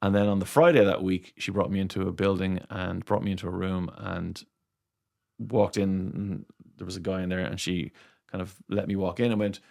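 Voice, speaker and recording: Irish guy, radio presenter, low gravelly voice, lively storyteller doing little voices. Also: fairly quick. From Ireland. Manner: animated storyteller, acts out quoted voices. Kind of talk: casual storytelling interview.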